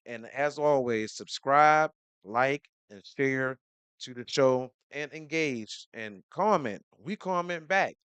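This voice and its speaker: A man's voice: medium pitch, slow pace, fairly bright tone, clear, resonant tone, dry recording. A man hosting a podcast in casual chat, laid-back and fond of telling stories, repeating words as he goes. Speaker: podcast host.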